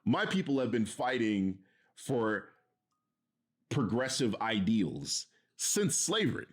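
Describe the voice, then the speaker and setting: A man's voice: on the low side, big pitch swings, slow, husky. A man streaming, reacting to a video in heated casual commentary, swearing and mocking with an exasperated tone. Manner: profane, exasperated, mocking laughs.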